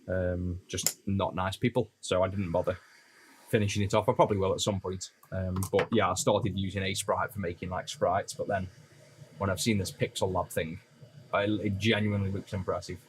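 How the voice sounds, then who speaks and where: While fixing retro consoles on his stream, a Stoke-on-Trent man with a Potteries accent solders and chats with his audience in a relaxed, rambling manner, replying to chat as he goes. His voice sits low at a normal pace, and the poor audio carries slight background noise.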